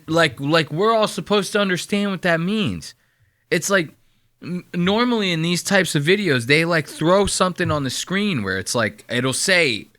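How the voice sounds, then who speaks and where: A man hosting a casual reaction commentary, talking in animated disbelief and swearing freely. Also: a little high. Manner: incredulous, animated, swears often. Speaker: host.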